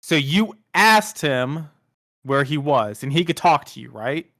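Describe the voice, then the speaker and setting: A man's voice: a little high, lively intonation, unhurried, fairly bright tone, dry recording, studio quality. Questioning man player. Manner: questioning, interrupts to check. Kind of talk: playing a tabletop game.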